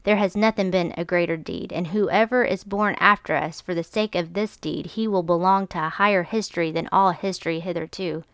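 A woman reads aloud as a raving madman with a lantern, hurling questions at a crowd. The voice is low and smooth, stuffy in the nose, and recorded close and dry. The emphasis stays measured, like a reading. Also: no echo, natural voice. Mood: grave. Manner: read aloud with mild emphasis.

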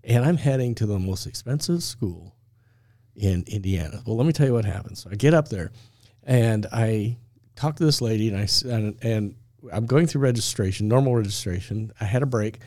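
Brief middle-aged male host, warm and relaxed tone, lively conversational storyteller, dry close sound. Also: lowish voice, normal speed, no room sound. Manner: animated, stops often with "okay?" to check in with listeners; acts out the dialogue of the people in his story. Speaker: podcast host.

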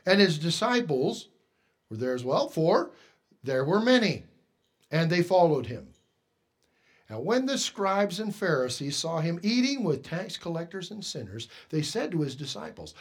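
A man preaching a sermon, emphatic, asking the congregation rhetorical questions and swinging between hushed and loud delivery. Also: a little high, very animated, measured pace.

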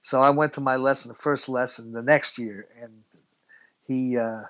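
A man's voice: medium pitch, steady tone, normal speed, fairly bright tone, lo-fi sound. A middle-aged man from the United States telling stories as an interview guest, chatty and laughing often. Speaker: guest musician. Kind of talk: relaxed storytelling interview.

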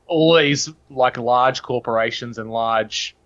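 A man with an Australian accent appears as a podcast guest, speaking slowly in a medium-pitched, slightly bright voice on a muffled recording. In this casual chat he talks in long, earnest, opinionated runs.

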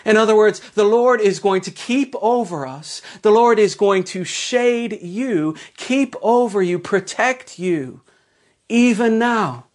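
An Irish man preaching a sermon as pastor, slowing right down to stress scripture and tossing rhetorical questions to his listeners. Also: high voice, lively intonation. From Ireland.

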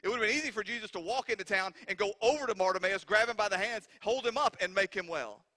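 A male pastor delivers an impassioned sermon in a high, bright, forceful voice. He drives his points home with repeated rhetorical questions. A long hall reverb trails his words in the church sanctuary. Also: quick pace.

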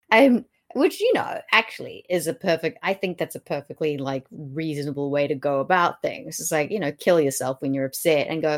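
A woman co-hosting a podcast, chatting in an animated, exclamatory way and throwing herself into the discussion. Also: low voice, brisk, few pauses. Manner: animated and exclamatory, acting out quotes. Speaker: podcast co-host. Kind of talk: casual discussion.

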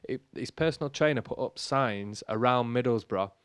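Guy on a running podcast, matey and sweary, gets excited telling stories, dry close sound. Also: mid-range voice, moderate pace, clean tone, dry recording. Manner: matey, sweary, enthusiastic storytelling. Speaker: podcast co-host. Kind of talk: casual chat.

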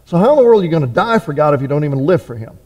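A man's voice: on the high side, big pitch swings, very fast, a little mellow. A man preaching a conversational sermon, full of fillers, restarts and rhetorical questions. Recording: reverberant hall.

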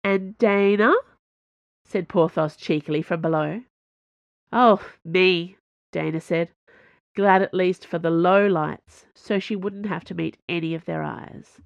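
A woman narrating an audiobook in an even storytelling manner. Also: lowish voice, normal speed, vocal fry, no room sound. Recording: dull lo-fi dry recording.

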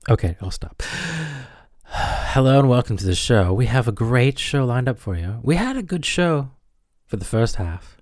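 A man's voice: medium pitch, lively intonation, measured pace, pauses often, darkish tone, dry recording, clean studio sound. A man hosting a radio show, rambling and self-deprecating in comic banter with his listeners. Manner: self-deprecating, chatty, talks to the audience.

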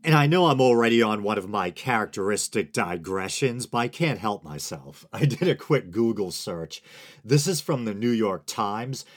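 This is a man in his forties from the United States, hosting his own podcast alone. His voice sits on the low side. He talks in a loose, digressive way, with wry asides that he chuckles at. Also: expressive, normal speed. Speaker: podcast host. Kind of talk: solo podcast commentary.

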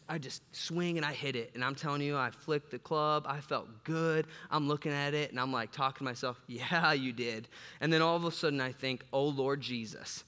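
A man from the south side of Chicago delivers a sermon as an animated, joking storyteller. His voice sits a little higher than most men's. It rings out with a long reverb in a big church sanctuary. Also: smooth. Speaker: pastor. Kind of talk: sermon with humorous personal story. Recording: long reverb from a large hall.

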